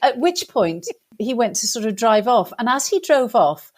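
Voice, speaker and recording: A woman with a British accent, a guest in an interview, telling a funny story in a lively way and acting out the voices of the people in it. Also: on the high side, moderate pace. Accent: British English. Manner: lively animated storyteller, acts out quotes.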